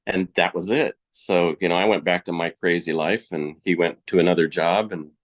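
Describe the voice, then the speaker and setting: A man with a very low, deep voice speaks as a podcast guest, recounting his story in plain, colloquial words. His delivery is frank and unpolished, the way someone talks across a table. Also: steady tone, moderate pace. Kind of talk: personal storytelling in conversation.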